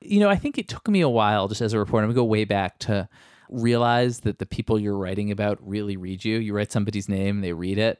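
Middle-aged man, low voice, dry close mic; rambling, self-deprecating podcast guest. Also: a little mellow, no echo. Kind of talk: casual interview chat.

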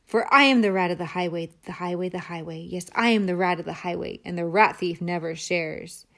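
A woman voicing a greedy, bullying male rat highwayman in a storybook reading, with a loud, boastful sing-song chant. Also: fairly quick, gravelly.

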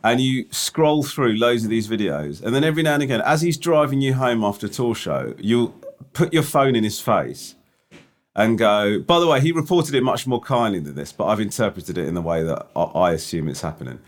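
Low-ish guy on a podcast, dry and sarcastic, teases his cohost. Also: lively intonation, brisk. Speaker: podcast co-host. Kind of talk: casual chat.

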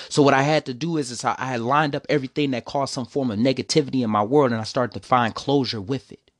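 A man's voice: fairly high pitch, dry recording. Young man, personal storytelling monologue, preachy and emotional, dry sound. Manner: emotional, preachy, repeats "see, the thing is".

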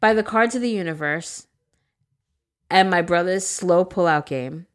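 Low-voiced woman reading a story aloud. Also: a little slow. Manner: animated, laughing, crude humor. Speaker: podcast co-host reading listener stories. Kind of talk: casual storytelling read-aloud.

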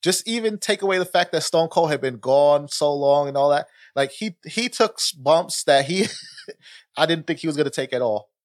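A man's voice: a little high, expressive, moderate pace, no echo, clean studio sound. A man co-hosting a podcast in casual chat, laughing often and adding quips. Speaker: podcast co-host.

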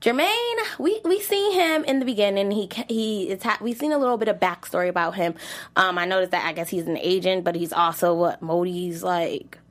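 A woman hosting a casual TV recap chat, lively and chatty, teasing with slang and laughing often. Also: mid-range voice, a little fast. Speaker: host.

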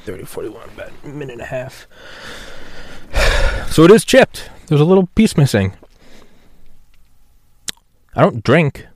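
A man's voice: medium pitch, big pitch swings, a little slow, long pauses. Rambling, profane male podcaster. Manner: rambling, profane, self-mocking. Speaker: podcast host. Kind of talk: solo podcast rant.

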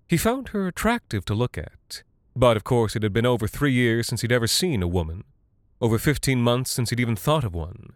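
A man narrating a dark literary story in a measured, deadpan way. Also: medium pitch, dry recording, clean studio sound.

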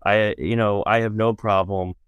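A man, a minister and podcast guest, tells a long story in conversation, with rambling restarts and fillers that turn animated in the lively parts. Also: lowish voice, normal speed, clear, resonant tone, no room sound, highs cut off. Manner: rambling, many restarts and fillers, animated when telling stories.

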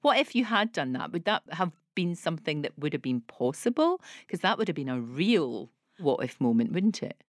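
A woman's voice: low-pitched, very animated, moderate pace, no room sound, clean studio sound. An older woman with a Glasgow accent, co-hosting an interview and prompting her guest encouragingly. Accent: Glaswegian. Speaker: podcast co-host. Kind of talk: conversational interview.

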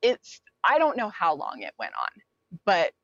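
A young adult woman's fairly low, slightly bright voice shows huge pitch swings and vocal fry as she speaks a little slowly. As an interview guest, she candidly recounts a personal story full of fillers and quoted asides. The recording is dry, dull and lo-fi.

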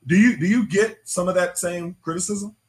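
A man's voice: high-pitched, moderate pace. A man hosting an interview podcast, asking questions in a hesitant, thoughtful way. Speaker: podcast host. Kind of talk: interview conversation.

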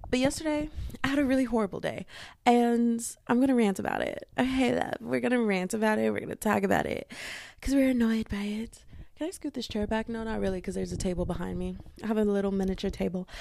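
A woman's voice: mid-range voice, gravelly, dark tone. A young woman hosting a solo podcast from her bedroom, ranting animatedly and breaking in with repeated interjections. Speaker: podcast host. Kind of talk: casual solo podcast rant.

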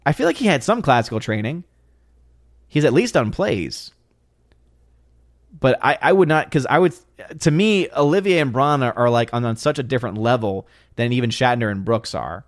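Male live-stream host, middle pitch, chatty and loose, dry close sound. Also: expressive, normal speed, no echo. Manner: chatty, thinks aloud with restarts and small laughs. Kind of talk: casual live stream chat.

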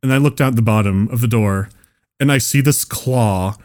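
Male podcast co-host, mid-pitched, rambling comic storyteller who swears and laughs a lot. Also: normal speed, a little mellow. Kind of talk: casual comedic storytelling.

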